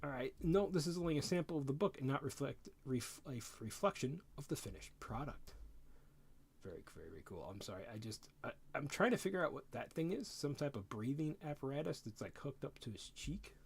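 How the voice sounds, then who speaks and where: A middle-aged man streaming live, giving casual first impressions of a game rulebook in an excitable way that is full of stammers and repeated words. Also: medium pitch, a little fast, creaky, husky.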